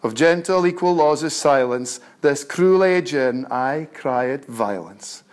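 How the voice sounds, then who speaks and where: A man with a North-East Scots accent reciting his poetry in a measured, deliberate way. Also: mid-range voice, animated, clear, resonant tone. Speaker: poet.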